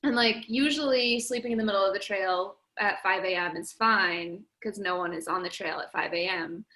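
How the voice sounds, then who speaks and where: Bright, chatty young woman. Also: mid-range voice, normal speed, rough recording. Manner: chatty, laughing often, lots of "like". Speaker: podcast guest, record-setting hiker. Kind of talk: casual podcast interview.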